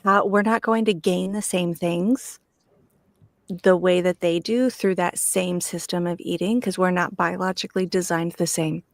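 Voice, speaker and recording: A woman hosting a podcast, talking casually and animatedly, lifting her pitch high when she quotes people. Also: steady tone, normal speed, gravelly, dry recording, clean studio sound. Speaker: podcast host.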